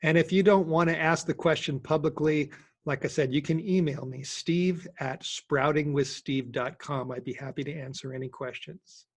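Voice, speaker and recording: A husky man in his sixties answers questions on a webinar, easygoing and prone to repeating himself. His voice sits a little high for a man, and the sound is dry and close. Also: no room sound. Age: 60s. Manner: halting, repeats words, relaxed. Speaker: host. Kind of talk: casual Q&A webinar.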